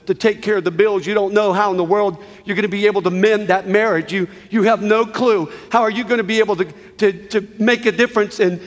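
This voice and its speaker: Middle-aged male preacher, high voice, fervent sermon delivery with repetition, echoing hall. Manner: impassioned, with dramatic pauses and repetition. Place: church hall with an audience. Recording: reverberant hall.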